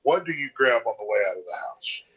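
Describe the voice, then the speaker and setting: A man's voice: mid-range voice, animated, fast, fairly bright tone. Crude joking man, dull lo-fi sound. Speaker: podcast host. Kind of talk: casual podcast chat. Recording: dull lo-fi audio.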